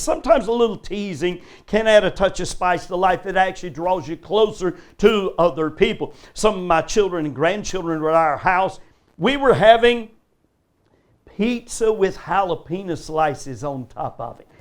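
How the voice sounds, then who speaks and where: An older man preaches to a church congregation, his voice sitting notably high for a man. He drives his points home with repeated, emphatic questions put straight to his listeners. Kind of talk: live sermon. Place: church service before a congregation.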